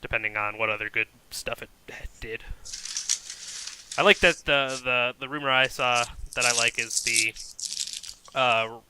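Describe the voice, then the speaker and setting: A man's voice: medium pitch, a little slow, pauses often, noisy background. A man co-hosting a live show, chatting casually about tabletop wargame rules, skeptical and teasing, full of "like" and loose phrasing. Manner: skeptical, teasing, many "like" fillers. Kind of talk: casual gaming chat.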